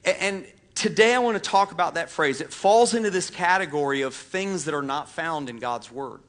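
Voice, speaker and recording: A man in his thirties preaches from a church stage in a loose, chatty way, full of fillers and jokes at his own expense. His voice sits a little high and sounds bright and forward. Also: lively intonation, normal speed. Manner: casual storytelling, self-deprecating, frequent fillers. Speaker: pastor. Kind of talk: sermon. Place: church auditorium.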